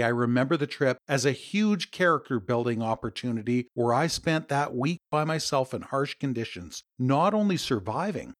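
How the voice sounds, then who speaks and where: A man's voice: medium pitch, no echo, clean studio sound. A Canadian man hosting a podcast interview, telling a personal story and welcoming his guest. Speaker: podcast host.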